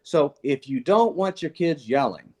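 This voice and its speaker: Older man with a higher voice, telling earnest anecdotes. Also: measured pace. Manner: earnest, animated, laughs often, restarts sentences. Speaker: guest speaker, retired police chief. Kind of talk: casual conversational storytelling.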